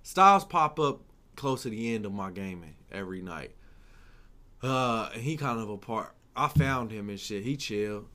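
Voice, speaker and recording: A man's voice: fairly low pitch, lively intonation, moderate pace, bright, forceful tone. A young man co-hosting a podcast, chatting casually with lots of slang and swearing. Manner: profane, laid-back slang, frequent "you know what I'm saying". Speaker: podcast co-host. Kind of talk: casual chat.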